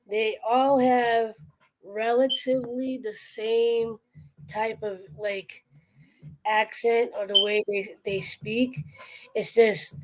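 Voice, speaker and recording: A woman's voice: fairly high pitch, rough recording. Tired, chatty woman streamer. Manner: chatty, laughing, loose. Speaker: streamer drawing live. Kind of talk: casual chat.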